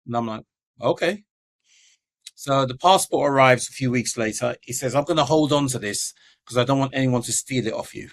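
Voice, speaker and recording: Middle-aged man, animated storyteller, mid-pitch, acts out quoted voices. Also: fairly quick. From England. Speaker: guest. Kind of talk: storytelling in a podcast interview.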